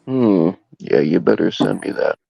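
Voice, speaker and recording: A man's voice: low voice, very animated, a little slow, gravelly, dry recording. A man hosting a livestream, chatting and joking with his viewers. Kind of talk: casual chat. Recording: dull, dry lo-fi sound.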